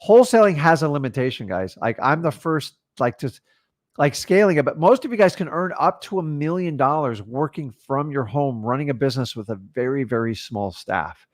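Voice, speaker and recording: A man's voice: medium pitch, animated, normal speed, dry recording, studio quality. A man co-hosting a casual real estate chat, talking bluntly and handing out business advice. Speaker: real estate investor co-host.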